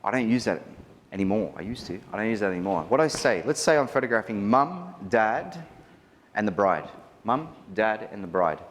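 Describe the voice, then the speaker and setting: A man's voice: lowish voice, moderate pace, a little hiss or hum. Chatty Australian man in a reverberant hall. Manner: animated, chatty, asks the audience questions. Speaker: wedding photographer giving a seminar. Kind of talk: live seminar talk to an audience. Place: large hall. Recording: reverberant hall with faint ambience.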